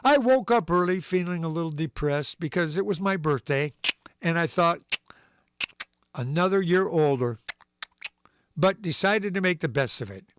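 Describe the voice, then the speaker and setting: A man's voice: a little high, normal speed, pauses often, clear, resonant tone. A man hosting a livestream, reading a comic newspaper story aloud and acting out its voices and sound effects. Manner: animated storyteller, voicing characters and sound effects. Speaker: livestream host.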